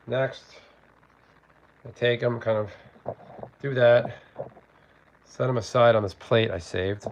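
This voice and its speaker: Man hosting a casual kitchen stream: gravelly voice, chatty and rambling, dull lo-fi phone audio. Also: medium pitch, fairly even intonation, takes it slowly, slight background noise. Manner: rambling, chatty, reads out chat. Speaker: livestream host. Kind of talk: casual cooking livestream. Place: home kitchen.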